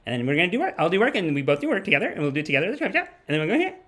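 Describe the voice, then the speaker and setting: A man voicing a young woman excitedly rattling off her plans for the day. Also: on the high side, voice pushed up. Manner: rushed, excited listing.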